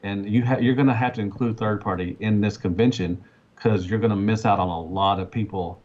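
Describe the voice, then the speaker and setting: A man's voice: fairly low pitch, a little fast, a little mellow. A man co-hosting a casual podcast chat, hesitant and restarting sentences. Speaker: podcast co-host. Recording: dull lo-fi sound.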